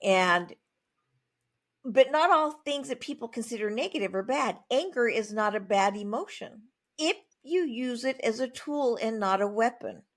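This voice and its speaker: A woman author speaking as a guest in a conversational interview, emphatic and plain-spoken, with animated asides. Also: on the high side, a little slow.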